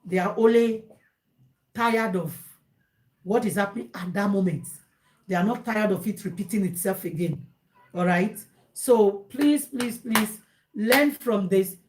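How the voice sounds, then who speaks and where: A woman's voice: medium pitch, a little slow, long pauses, darkish tone. A woman with a Nigerian accent, hosting a casual advice talk for viewers, slipping into Pidgin and repeating phrases for emphasis. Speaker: host.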